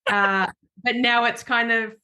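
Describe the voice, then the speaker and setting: A woman's voice: a little high, fairly even intonation, slow pace, sharp tone. A woman hosting a podcast, bubbly and self-deprecating, chatting casually with a guest. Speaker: podcast host.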